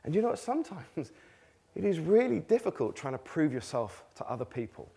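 A man's voice: fairly high pitch, very animated, brisk, gravelly, dark tone, breathy edge. A man preaching a conversational sermon, asking rhetorical questions and laughing between points. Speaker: pastor.

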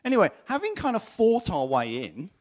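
Preaching at a moderate pace, a middle-aged man whose voice sits high shares a personal story. He tells it with animation and acts out the voices of the people he quotes.

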